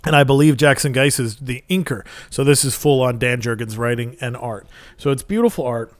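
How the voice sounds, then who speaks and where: A man's voice: medium pitch, fairly quick, no echo. Chatty man, dry close sound. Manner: rambling, enthusiastic storytelling with many fillers. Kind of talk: casual chat.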